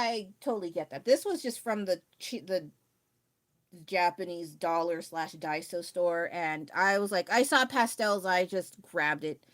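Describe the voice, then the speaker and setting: Chatty woman, low-voiced, rambling. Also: a bit bright, no echo, clean studio sound. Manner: rambling, self-interrupting, laughs often. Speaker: art streamer. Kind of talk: casual livestream chat while drawing.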